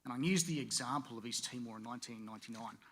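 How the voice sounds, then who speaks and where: A man in his forties from the Pacific Islands gives a formal panel speech with a bright, forceful voice. He is measured and fills his pauses with "uh". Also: medium pitch. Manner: measured, with frequent "uh" fillers. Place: conference venue.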